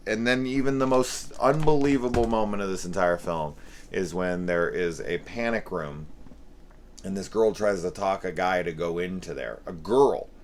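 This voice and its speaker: A man with a very deep, low voice delivers a profane, sarcastic film review rant. He swears freely and slips into mocking, overdone voices when quoting scenes. A faint hiss of noise sits under his voice.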